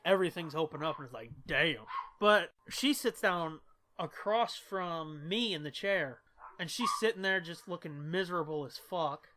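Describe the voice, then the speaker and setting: Male podcast co-host, bright edge, loose profane storyteller. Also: on the high side, a little hiss or hum. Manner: profane, rambling anecdote telling with laughs. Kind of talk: casual storytelling.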